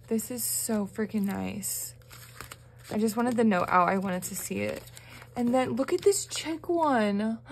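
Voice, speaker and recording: A young woman, chatting to her viewers as she opens fan mail, gushing and excitable with frequent gasps. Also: fairly high pitch, a little hiss or hum. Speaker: budgeting vlogger. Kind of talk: casual vlog chat to viewers.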